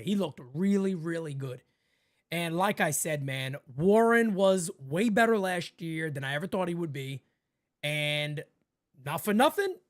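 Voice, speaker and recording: A man hosting a casual live sports talk show, emphatic and animated, swinging between loud bursts and quieter asides. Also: fairly high pitch. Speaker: podcast host.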